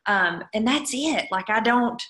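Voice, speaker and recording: A woman's voice: fairly high pitch, animated, a little slow, a bit bright, reverberant. A woman leading her sales team on a video call, chatty and upbeat, with frequent asides to her listeners. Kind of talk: casual coaching talk on a video call. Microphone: video call microphone.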